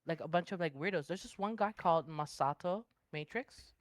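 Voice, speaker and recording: A woman guest talking emphatically in a casual interview, tossing in slang like bro. Her voice sits fairly low for a woman and sounds dry and close, with no room around it. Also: brisk, dry recording. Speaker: guest, online streamer.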